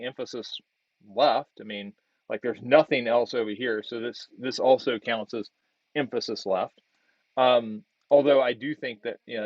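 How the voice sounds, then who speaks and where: Working on screen while sharing it, a male design instructor critiques a student's project casually, restarting sentences and using lots of fillers as he thinks aloud. His voice is mid-range, with no echo and the highs cut off.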